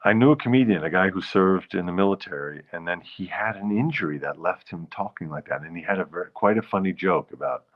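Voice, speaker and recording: A man with a low voice hosts his own show, wandering from one jokey story to the next. The sound is dull and lo-fi, as if from a modest home setup. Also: a little fast, few pauses. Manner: jokey, rambling, breaks into falsetto bits. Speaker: show host. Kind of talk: casual solo show chat.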